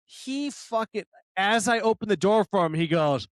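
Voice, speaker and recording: A man's voice: high voice, lively intonation, normal speed, no room sound. A man hosting a podcast, casual chat, telling rambling stories full of swearing and laughter. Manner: rambling storyteller, swears a lot, laughs often, mimics people. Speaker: podcast host.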